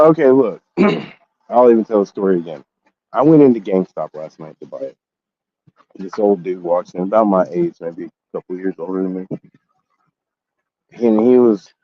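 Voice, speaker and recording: The collectibles channel host, a man with a low-pitched voice, launches into a profane, heated story for his casual ranting vlog, his voice spiking when angry. The recording sounds dry and muffled.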